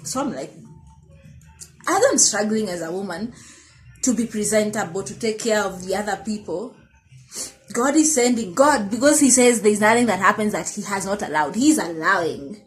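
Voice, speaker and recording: A woman's voice: medium pitch, expressive, normal speed, soft background music, poor audio. A woman in her thirties talking candidly to camera in a reflective, confessional personal vlog, often correcting herself mid-sentence. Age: 30s. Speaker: vlogger.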